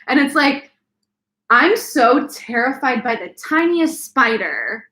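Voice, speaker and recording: A young woman co-hosting a casual live chat, telling a personal story in an animated way, often saying "like". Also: a little high, a little slow, roomy sound. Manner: animated, breaks into laughs and shrieks while retelling. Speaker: co-host of a live stream.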